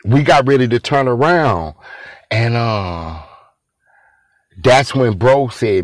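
A man's voice: mid-range voice, expressive, takes it slowly, long pauses, no echo. Rambling man. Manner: rambling, repeats himself, addresses listeners as y'all. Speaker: storyteller. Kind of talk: casual spoken storytelling.

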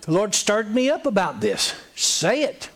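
A man's voice: high voice, huge pitch swings, measured pace, fairly bright tone. A man preaching a sermon in an emphatic, folksy way, hammering points home by repeating them.

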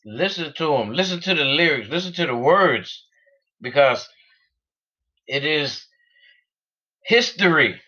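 A man talks slowly in a loose, unscripted vlog monologue, earnest and rambling, with laughs between thoughts. His voice is bright and forward, and the audio is dull and lo-fi. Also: fairly high pitch, animated.

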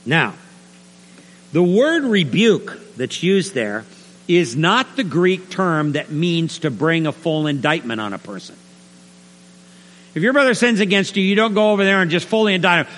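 A middle-aged pastor preaches with great animation, bouncing between plain teaching and acted-out exchanges. His voice sits fairly high and rings out bright and forceful. The sound carries a long hall reverb over a faint mains hum. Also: normal speed. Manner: animated, acts out little scenes with put-on voices. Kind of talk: sermon.

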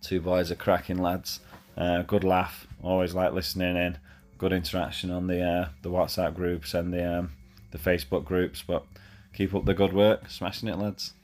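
A man's voice: deep voice, level tone, normal speed, hardly any pauses, a little mellow. A man, telling a chatty, laddish story in a voice message, full of fillers. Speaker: caller sending a voice message.

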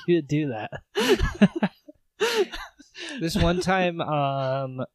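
A man co-hosting a podcast, laid-back, cracking deadpan jokes and laughing often. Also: a little high, drawn-out words, no echo. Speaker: podcast co-host. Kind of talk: casual chat.

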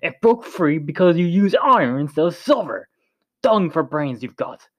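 A man reading a story, voicing a brawny, cruel male commander who talks in a loud, barking way. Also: mid-range voice, animated, brisk, dry recording, lightly acted. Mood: furious.

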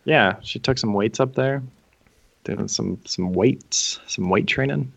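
A man's voice: medium pitch, takes it slowly, vocal fry, fairly bright tone, dry recording. A man co-hosting a podcast, chatting casually in a laid-back, agreeable way. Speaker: podcast co-host. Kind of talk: casual chat.

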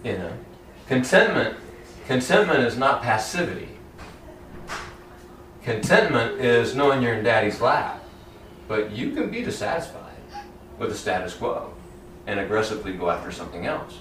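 A man preaching a sermon in a church, lively and conversational, often acting out Bible characters in casual everyday voices. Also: medium pitch, normal speed, long pauses, a little hiss or hum. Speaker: pastor. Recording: roomy echo, heard from a distance.

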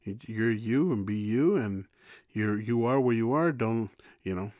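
A man's voice: fairly low pitch, unhurried, a little mellow, no echo, studio quality. A man talking reflectively in a casual podcast conversation, rambling with many restarts. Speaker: podcast co-host.

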